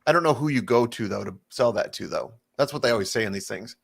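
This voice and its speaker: A man co-hosting a morning show, chatting casually with his co-hosts. He tells his stories with energy and jokes, circling back to earlier bits. His voice sits at an ordinary pitch for a man. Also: fast talker, creaky, breathy edge. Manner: animated, jokey storyteller who riffs on callbacks. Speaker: radio show co-host.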